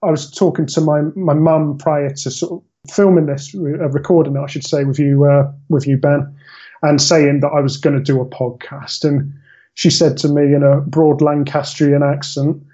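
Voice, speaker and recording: A man's voice: a little high, level tone, moderate pace, mellow, husky, muffled recording. A man guesting on a podcast, telling a long story in a chatty, rambling way and correcting himself often. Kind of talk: casual storytelling chat.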